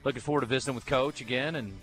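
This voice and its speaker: A man hosting live sports radio, talking fast in an easygoing, joking way. His voice is bright and forward. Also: medium pitch, fairly even intonation, faint music behind. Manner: easygoing, quick banter. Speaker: radio sports talk host. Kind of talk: casual radio chat. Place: bookstore, live broadcast.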